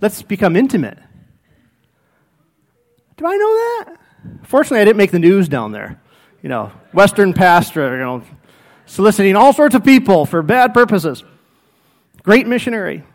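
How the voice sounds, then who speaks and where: A middle-aged male pastor preaches a sermon in a high voice at normal speed. He tells personal stories with animation, acting out what people said.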